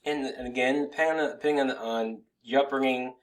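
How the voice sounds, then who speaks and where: A man's voice: medium pitch, steady tone, brisk. Male coach, plain mid voice, loose rambling delivery with casual swearing. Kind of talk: casual motivational talk to camera.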